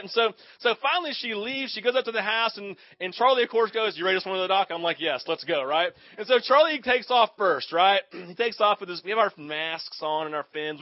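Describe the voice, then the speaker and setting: A man's voice: high-pitched, no room sound, dull audio. A young adult man preaching a sermon, telling a story with energy and acting out voices. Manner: animated storytelling, acts out voices. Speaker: pastor.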